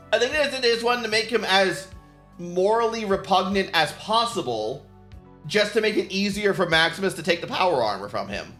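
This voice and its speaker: A man streams while painting, chatting casually, rambling, swearing, and laughing often. His high-pitched voice is pushed and bright, and the room is echoey.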